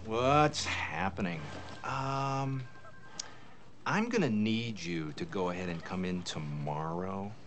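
An actor playing a smug male office boss who speaks in a slow, flat drawl. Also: deep voice. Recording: faint film background noise.

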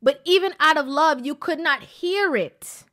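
A woman's voice: high voice, animated, measured pace, fairly bright tone. A woman telling a personal story in a casual, preachy way, repeating points for emphasis.

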